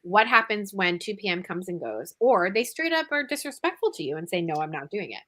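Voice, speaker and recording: A woman hosts a casual podcast conversation. She is animated and expressive, exclaiming often and acting out quotes as she talks. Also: mid-range voice, brisk. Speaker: podcast host.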